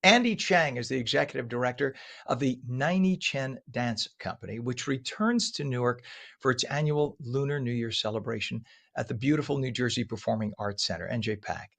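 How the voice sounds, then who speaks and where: A man hosting a live morning show, reading traffic and chatting with a guest in a lively, chatty way, with a frog in his throat. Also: mid-range voice, brisk, creaky. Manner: lively, chatty, apologetic asides. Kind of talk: live traffic report and interview.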